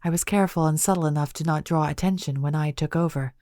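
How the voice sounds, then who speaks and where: A woman voicing an ancient female phoenix spirit in an audiobook, speaking calmly and formally. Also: low voice, quick pace, no room sound, studio quality, close to an everyday voice.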